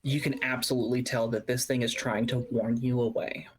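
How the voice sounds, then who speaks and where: A game master narrating a tabletop game, setting scenes with slow, descriptive phrasing and pauses. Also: medium pitch, little pitch movement, slight background noise.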